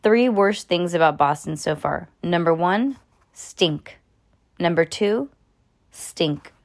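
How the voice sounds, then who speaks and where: A woman's voice: on the low side, expressive, takes it slowly. A woman reading a children's book aloud, casual, with small slips and restarts.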